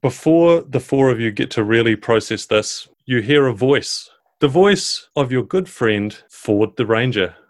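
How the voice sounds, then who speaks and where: A man, narrating a tabletop game podcast as dungeon master in a measured storytelling way. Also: medium pitch, animated.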